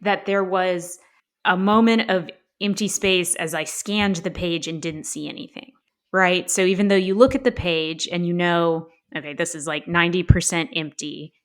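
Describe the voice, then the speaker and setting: A woman's voice: on the low side, moderate pace. A woman co-hosting a book club podcast, talking in a thoughtful, musing way. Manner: thoughtful, musing, frequent you know and right. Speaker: podcast co-host. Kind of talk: casual book club discussion.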